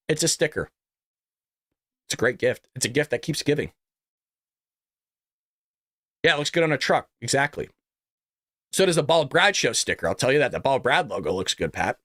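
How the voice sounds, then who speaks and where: A Californian man hosting his own political commentary show reads an ad, then launches into a heated rant packed with rhetorical questions. His voice is a little high and fairly bright, in clean studio sound with no room noise.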